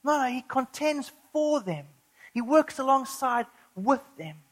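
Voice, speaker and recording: A woman preaching a sermon, earnest, building to urgent emphasis and slowing down when reading scripture. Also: high-pitched, big pitch swings, rough recording.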